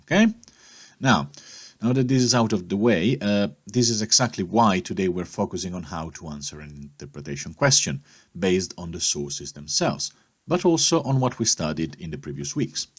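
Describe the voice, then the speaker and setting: A man's voice: low-pitched, breathy edge. A man teaching a recorded history lesson, explaining sources and checking in with "okay?" as he goes.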